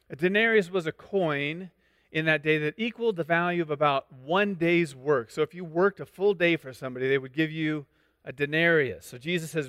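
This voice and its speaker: A man preaching a sermon, explaining scripture in a conversational way with asides, quick restarts and questions to the congregation. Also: a little high, expressive, a bit bright, no echo, studio quality, long reverb tail. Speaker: pastor. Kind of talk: sermon teaching.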